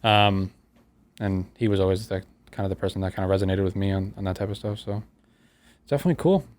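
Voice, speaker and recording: Low-voiced American man hosting a podcast. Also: quick pace. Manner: relaxed, rambling, with many fillers and restarts. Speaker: podcast host. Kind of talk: casual podcast chat.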